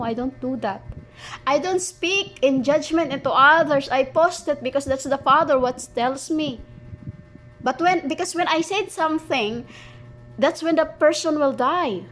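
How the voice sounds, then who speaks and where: High-voiced woman rambling on spirituality. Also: fairly bright tone, rough recording. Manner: halting, repeats and restarts words. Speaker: spiritual speaker.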